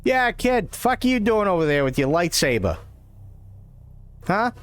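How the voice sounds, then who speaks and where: A man putting on a gruff, profane Boston tough guy with a Boston accent, sneering at a kid. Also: sits high, big pitch swings, a little slow, pitched above the performer's own voice. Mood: taunting. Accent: Boston, put on.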